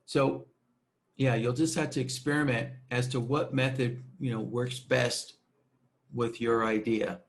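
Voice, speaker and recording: A man presenting a screen-recorded software tutorial, talking casually with many fillers and checking "right?" as he goes. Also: mid-range voice, fairly even intonation, a little slow.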